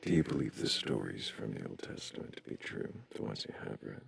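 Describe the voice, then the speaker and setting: Man, call-in host, lively intonation, calm probing questions, music in background. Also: very deep voice, fairly quick, gravelly. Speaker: host of a live call-in show. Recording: music playing behind.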